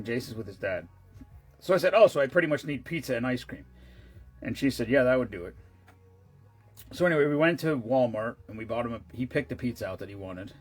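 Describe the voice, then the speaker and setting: Sounding worn out, a man talks casually to his viewers in a mid-range voice with a breathy edge. His vlog chat is rambling, full of restarts and tangents, with an occasional swear.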